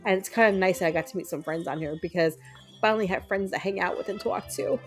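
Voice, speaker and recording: A woman's voice: mid-range voice, quick pace, soft background music, low-quality recording. A woman streamer chatting casually with her viewers while playing a video game, upbeat and full of ums. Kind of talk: casual chat while gaming.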